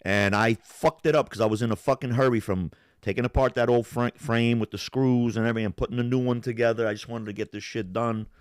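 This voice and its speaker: A man's voice: medium pitch, fairly even intonation, fast, hardly any pauses, clear, resonant tone, no room sound, studio quality. A young man on a live stream telling a long, profane story in a casual, rambling way. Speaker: podcast co-host.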